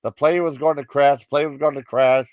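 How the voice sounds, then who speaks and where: A man's voice: fairly high pitch, steady tone, moderate pace, a little mellow, no room sound. Guy reviewing TV sketches in a loose, rambling, giggly way; dry, close-sounding recording. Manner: rambling, with many fillers and giggly asides. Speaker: TV comedy show reviewer. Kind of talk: casual chat.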